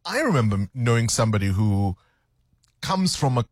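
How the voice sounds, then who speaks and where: A man hosting a radio chat, teasing and quick to laugh. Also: medium pitch, very animated, slightly rough, no room sound, clean studio sound. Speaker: radio host. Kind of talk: casual radio talk.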